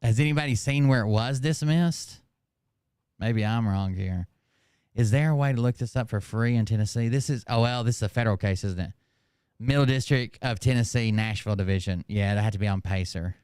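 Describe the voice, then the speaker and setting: A man's voice: lowish voice, fairly quick, darkish tone, smooth, no room sound, clean studio sound. A man hosting casual reaction commentary, sarcastic and hesitant with ums. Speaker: commentary host.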